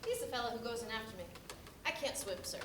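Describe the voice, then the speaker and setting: A woman's voice: fairly high pitch, expressive, fast talker, close to an everyday voice. A woman playing a scheming male con man who stages fake drownings, haggling and theatrical. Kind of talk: amateur stage acting. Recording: echoey hall, from far off, noisy.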